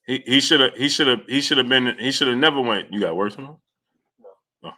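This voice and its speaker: On his boxing live stream, the host talks a little fast in a medium-pitched, sharp voice. He greets viewers by name and chats casually, rambling loosely with plenty of fillers and restarts.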